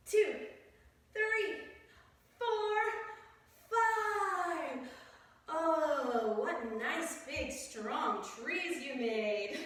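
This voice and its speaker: Playful high-voiced woman teaching kids yoga. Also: very echoey, far from the mic. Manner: playful and encouraging, demonstrating poses as she talks. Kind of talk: guiding a children's yoga class.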